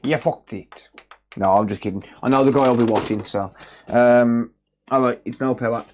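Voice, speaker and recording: A man's voice: mid-range voice, moderate pace, a little mellow, slight background noise. A man hosting a live repair stream, joking bluntly with chat and reading out repair notes. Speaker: electronics repair livestream host. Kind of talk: casual livestream chat while working. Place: repair workbench indoors.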